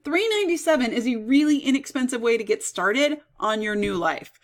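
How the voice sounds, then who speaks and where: A woman coach giving an upbeat, persuasive sales pitch for her online course. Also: expressive, brisk. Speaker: business coach.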